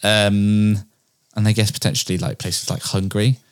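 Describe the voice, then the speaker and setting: A man co-hosting a casual podcast chat, dry and quick with short quips. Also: lowish voice, steady tone, smooth. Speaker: podcast co-host.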